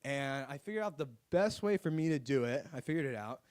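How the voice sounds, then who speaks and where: A man's voice: medium pitch, lively intonation, fairly quick, darkish tone. A young man doing open mic stand-up comedy on a club stage, rambling and self-mocking, with lots of "like.". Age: young adult. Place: live music club stage.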